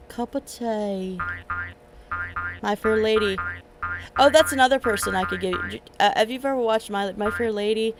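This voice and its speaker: This middle-aged woman has a fairly high voice and talks fairly quickly while streaming a game. She rambles in casual chat and laughs a lot, with game music playing on a low-quality recording.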